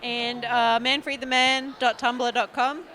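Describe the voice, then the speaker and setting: A woman's voice: on the high side, flat delivery, measured pace, sharp tone. A woman guest on a podcast, chatting playfully and laughing with the group. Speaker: guest comic artist. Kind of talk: casual chat.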